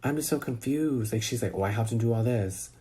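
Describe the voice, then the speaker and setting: A man's voice: mid-range voice, fairly quick, mellow, breathy edge. A man chatting casually over a phone call, reacting to a video in an incredulous, sassy way.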